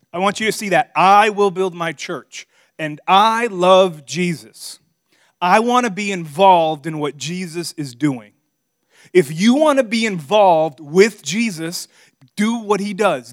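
Recorded in clean studio sound without echo, this sermon comes from a middle-aged pastor with a high voice. He tells a personal story, shifting from hushed asides to loud, forceful preaching.

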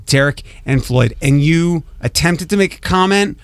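A man hosting a morning radio show, talking in a measured, logical way and keeping the segments on time. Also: fairly high pitch, expressive, clear, resonant tone, no echo. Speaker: radio host. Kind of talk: casual morning radio chat.

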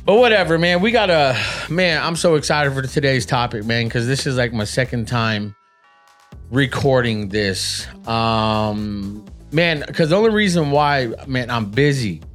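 A man hosting a motivational podcast, talking in a lively, animated way with street slang. He says "man" constantly and swings between loud, pumped-up bursts and quieter, reflective stretches. Soft music plays faintly behind him. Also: mid-range voice, unhurried. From Native American. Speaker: podcast host.

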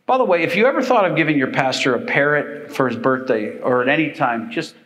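A man's voice: on the high side, animated, brisk, a bit bright, rough recording. Older male pastor, folksy rambling sermon delivery. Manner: folksy, rambling, with frequent fillers.

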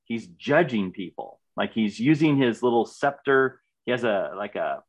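A man's voice: mid-range voice, lively intonation, normal speed. Male podcast co-host, eager and chatty, stumbles over his opening words. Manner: enthusiastic, repeats words when starting. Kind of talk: casual chat reviewing a TV series.

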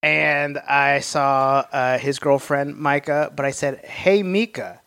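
A male guest comedian telling stories in casual podcast chat, animated and swearing freely. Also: medium pitch, slow pace, gravelly, clean tone.

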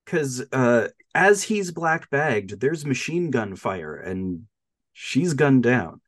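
Animated man recapping a film. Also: mid-range voice, takes it slowly. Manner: animated storytelling, laughs often, frequent fillers. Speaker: podcast co-host. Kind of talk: casual film-recap chat.

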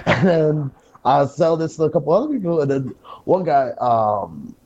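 Casual male wrestler, mellow dark voice, lively anecdote teller, muffled lo-fi audio. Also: medium pitch, moderate pace. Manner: animated storyteller, acts out quotes. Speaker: pro wrestler. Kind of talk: casual conversation.

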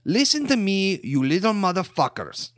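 A man putting on a mock Ukrainian accent for a loud, profane rant. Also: high voice, sing-song, moderate pace, pitched above the performer's own voice. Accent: put-on Ukrainian. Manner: shouting, swearing, loud tirade. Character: angry ranting Ukrainian man.

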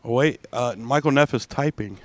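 A man's voice: mid-range voice, normal speed. A tipsy man co-hosting a hockey podcast, cracking crude jokes and teasing. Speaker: podcast co-host. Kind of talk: drunk casual hockey chat.

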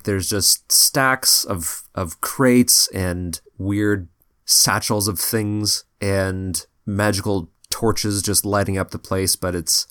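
A man's voice: lowish voice, a bit bright, no room sound, clean studio sound. A man narrating a tabletop game as game master, in a loose, rambling way.

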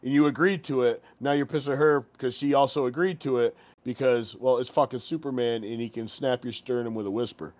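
A man's voice: mid-range voice, a little fast, hardly any pauses, darkish tone, no room sound. A man co-hosting a podcast, blunt and profane, cracking jokes about a TV show. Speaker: podcast co-host. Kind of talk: casual chat, crude TV recap. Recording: dull lo-fi sound.

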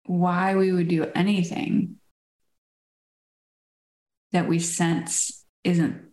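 Slow-talking woman in a roomy echo. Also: on the low side. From United States. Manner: laughs easily, thoughtful and reflective. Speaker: podcast co-host. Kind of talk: casual chat.

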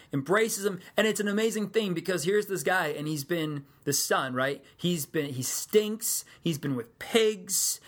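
A man's voice: on the high side, fairly bright tone. A man preaching a sermon, telling the story in a casual, conversational way with joking asides.

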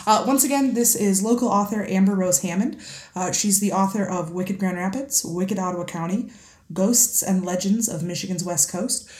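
A woman's voice: medium pitch, normal speed, a little mellow, reverberant. A woman co-hosting a podcast in casual chat, giggly and joking. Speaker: podcast co-host.

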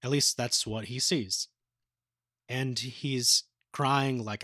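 A man's voice: medium pitch, fairly even intonation, takes it slowly, sharp tone, no room sound, clean studio sound. A man co-hosting a podcast, casually retelling anime episodes with a swearing, joking manner. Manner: casual, profane retelling, acting out quotes. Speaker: podcast co-host.

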